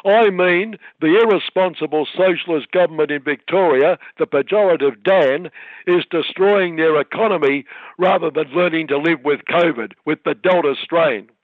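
A smug, self-assured prime minister, put on by a man speaking, his voice pitched up and pushed a little louder. He delivers glib spin with total confidence. The sound is tinny and dry, like a phone line. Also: normal speed, dry recording, lightly acted.

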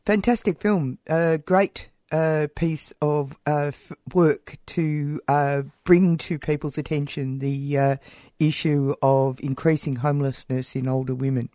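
A radio host interviewing a guest, pausing often with "uh" while hunting for words. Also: mid-range voice, steady tone, dark tone, no room sound, studio quality. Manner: hesitant, many "uh" pauses.

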